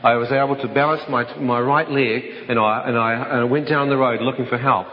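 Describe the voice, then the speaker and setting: A man tells his own story as a vivid, dramatic testimony and acts out the other people's voices. His voice sits at a middle pitch. The recording is dull, with a long hall reverb. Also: fairly even intonation, fairly quick. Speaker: speaker telling his life story.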